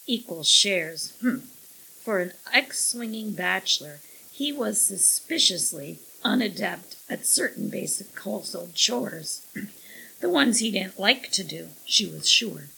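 A woman narrating an audiobook in a wry, measured storytelling manner. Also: medium pitch, vocal fry, sharp tone, husky, low-quality recording.

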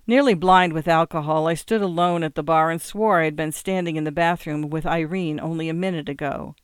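Wry, smooth-voiced male story reader. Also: a little high, fairly even intonation, brisk, dry recording, studio quality. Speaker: audiobook reader. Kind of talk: first-person story narration.

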